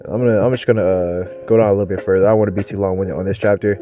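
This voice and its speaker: A man's voice: on the low side, fairly even intonation, rapid-fire, dull audio, faint music behind. Rambling, profane young male preacher. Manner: rambling, profane, street talk with constant "man". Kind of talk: informal religious teaching.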